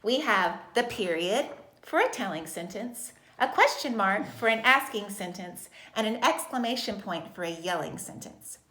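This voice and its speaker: A woman teaching a recorded kindergarten lesson in a slow, sing-song voice with exaggerated expression. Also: medium pitch, expressive, bright, forceful tone, echoey room. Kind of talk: recorded video lesson for young children.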